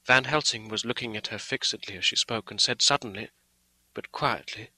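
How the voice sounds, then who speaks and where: A man narrating an audiobook in a measured, steady storytelling manner. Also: on the low side, slightly rough, no echo, poor audio.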